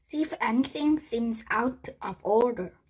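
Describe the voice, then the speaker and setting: A woman's voice: a little high, a little mellow, slightly rough, poor audio. A woman reading as bold little girl Annie. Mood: eager. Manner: halting read-aloud delivery. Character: young girl, bold and curious.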